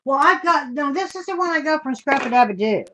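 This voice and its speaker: A woman's voice: high voice, lively intonation, brisk, pushed and bright, a little hiss or hum. An older woman hosting a live craft demonstration, chatting in a homey way and greeting viewers with endearments. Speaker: craft show host.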